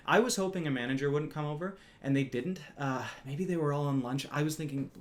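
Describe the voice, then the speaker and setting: A man's voice: a little high, fast, a little hiss or hum. Wry man telling a work story. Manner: wry, conversational, slightly smug, swears casually. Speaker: retail store clerk telling a story. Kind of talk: casual storytelling.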